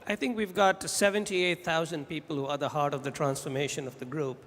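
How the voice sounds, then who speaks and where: A man's voice: a little high, fairly even intonation, a little fast, fairly bright tone. A man, a company executive, answering a question on stage at a ceremony in a confident, emphatic way. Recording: hall reverb, ambient noise.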